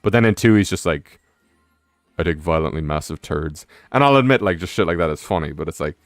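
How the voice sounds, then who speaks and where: A man's voice: sits low, lively intonation, quick pace, dry recording, studio quality, soft background music. A young man streaming a game, rambling casually with many fillers and curse words. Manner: rambling, heavy on fillers, profane. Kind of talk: casual rambling commentary while gaming.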